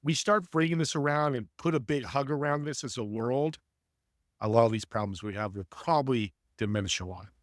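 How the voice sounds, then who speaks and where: A man as a podcast guest and networking coach, telling stories in an energetic, preachy way and speaking straight to the audience. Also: mid-range voice, brisk, no echo, clean studio sound. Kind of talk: conversational storytelling.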